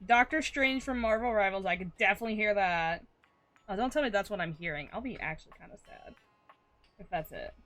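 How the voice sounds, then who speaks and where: A woman commentates her live game stream with excitable, profane energy. Her voice is bright and forward, and it leaps up often. Faint music plays underneath. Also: medium pitch, brisk. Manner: excitable, swearing, bursts into shouts and laughter.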